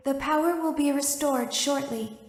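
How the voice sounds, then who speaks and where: An eerie animatronic guide. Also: female voice, high voice. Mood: calm, eerie. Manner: measured, soothing instructions. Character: calm female animatronic guide, eerie and instructing. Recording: echoey hall with faint music.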